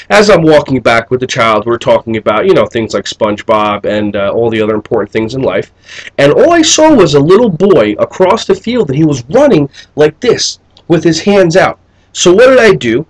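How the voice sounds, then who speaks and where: A middle-aged man, a behavior management educator, talking to camera in a video blog and telling stories in an animated way, acting out the voices he quotes. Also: fairly high pitch, poor audio. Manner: animated storyteller who acts out quoted voices.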